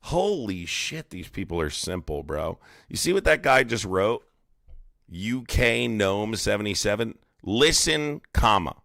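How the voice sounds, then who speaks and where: A man's voice: lowish voice, expressive, unhurried, creaky, a bit bright, no echo, studio quality. A man hosting a livestream, ranting in a profane, mocking, rambling way. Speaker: live streamer host. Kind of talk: casual ranting livestream commentary.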